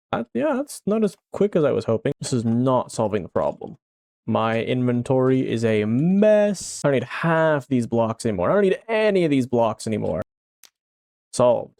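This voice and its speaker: Playful man doing lively game commentary. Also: no echo, studio quality. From Canada. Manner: playful, excitable, often laughing and shifting pitch. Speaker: game YouTuber. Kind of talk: casual gameplay commentary.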